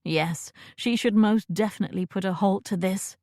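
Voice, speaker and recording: A woman narrating a romance audiobook in a measured, intimate way, close to a studio mic in a dry booth. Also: medium pitch, warm tone, no room sound.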